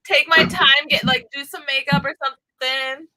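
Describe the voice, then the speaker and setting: A woman joining a casual livestream chat, talking in quick, chatty bursts. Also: high-pitched, steady tone, crowd noise.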